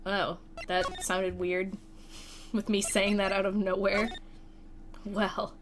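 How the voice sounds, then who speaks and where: A woman's voice: medium pitch, flat delivery, slow, music in the background. A young woman streaming a video game late at night, chatting casually with a playful, self-deprecating manner.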